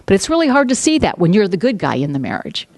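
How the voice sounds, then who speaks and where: An older American woman tells her story bluntly, with salty asides and lively swings in her voice. Her voice sits at a middling pitch and sounds dry and close, with no room echo. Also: quick pace. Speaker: speaker sharing her story. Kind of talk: personal testimony talk.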